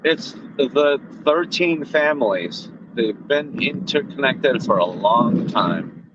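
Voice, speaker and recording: A man speaks emphatically from a vehicle, and his pitch moves a lot. The line is dull and muffled. Faint road and ambient noise sits underneath. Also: lively intonation, takes it slowly. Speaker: livestream participant. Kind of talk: casual chat.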